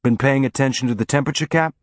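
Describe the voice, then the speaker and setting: A man's voice: mid-range voice, racing, dry recording, voice pushed up, close to an everyday voice. A man voicing a big, laconic mechanic who speaks casually.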